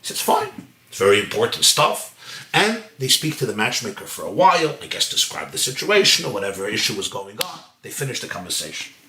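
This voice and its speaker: A rabbi telling a story in a sermon, acting out the voices of the people in it. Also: male voice, lowish voice, big pitch swings, fast talker, sharp tone, roomy sound. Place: home.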